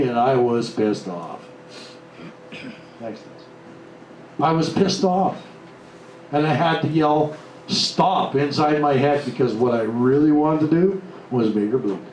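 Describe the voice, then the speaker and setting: A man's voice: mid-range voice, darkish tone, recorded from a distance. A man giving an emphatic motivational seminar talk to a live audience, acting out the voices he quotes. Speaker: seminar speaker. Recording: echoey room, voice off-mic, faint hiss.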